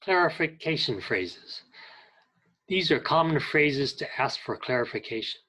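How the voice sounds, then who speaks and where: This man's voice sits on the high side, bright and forceful with lively intonation, heard through a rough recording. He is an ESL teacher giving slow classroom instruction, patiently and deliberately reading aloud phrases for directions and clarification.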